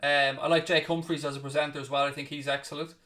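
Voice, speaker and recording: A man's voice: fairly high pitch, flat delivery, pushed and bright, far from the mic. A man hosting a live football watchalong, calling each pass and snapping back bluntly at his chat. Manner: blunt, snippy with chat, swears freely; rapid play-by-play naming each pass. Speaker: watchalong host.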